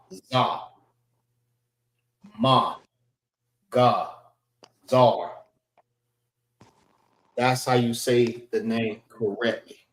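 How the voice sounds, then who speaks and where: A man teaching a class, slowly sounding out letters one by one and repeating himself. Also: mid-range voice, a bit bright, echoey room, rough recording. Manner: slow, repetitive, spells out sounds one by one. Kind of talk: classroom language lesson. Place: library meeting room.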